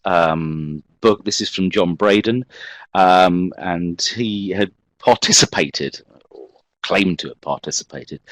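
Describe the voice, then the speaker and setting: Deep-voiced male lecturer with wry asides. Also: a bit bright, dry recording, rough recording. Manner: discursive with wry self-mocking asides. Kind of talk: recorded history lecture.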